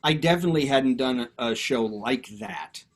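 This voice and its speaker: A man's voice: mid-range voice, moderate pace. A man, an actor guest telling stories in a casual chat, often repeating words as he starts. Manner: animated storyteller, repeats words when starting.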